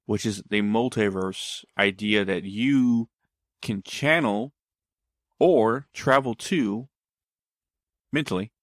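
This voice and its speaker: A man's voice: on the low side, takes it slowly, pauses often, no room sound, clean studio sound. A man telling a story in casual conversation, meandering and often backtracking to explain himself.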